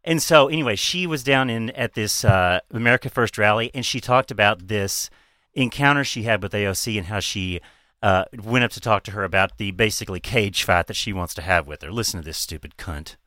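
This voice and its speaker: A man's voice: on the low side, brisk, pushed and bright, dry recording. A man co-hosting a casual political talk show, blunt and profane, with rambling asides. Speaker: podcast co-host.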